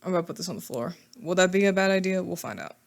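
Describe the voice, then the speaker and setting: A woman's voice: on the low side, animated, racing, vocal fry. A woman giving a casual tarot reading to camera, chatty and thinking aloud, often laughing at herself. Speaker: tarot reader.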